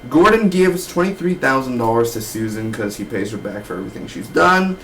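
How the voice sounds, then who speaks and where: Young male reviewer, loose and slangy, mid-pitched voice, rambling delivery. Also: sing-song, a little fast, fairly bright tone, a little hiss or hum, low-quality recording. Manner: slangy, loose, keeps saying man and dude. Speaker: TV show reviewer.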